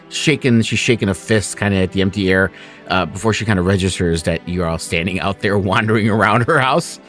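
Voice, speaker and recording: A man's voice: lowish voice, fairly quick, a bit bright, soft background music. A man narrating scenes as game master in a tabletop game, descriptive with frequent fillers.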